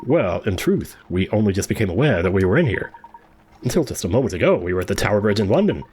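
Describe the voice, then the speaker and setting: An actor voicing a calm, polite professor in a video game, speaking in measured, formal sentences. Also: male voice, lowish voice, a little hiss or hum. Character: calm, courteous gentleman professor.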